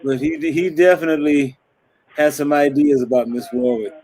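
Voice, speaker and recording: A man's voice: fairly high pitch, moderate pace, darkish tone, rough recording. Joking male interview host. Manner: joking, playful. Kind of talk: casual interview chat.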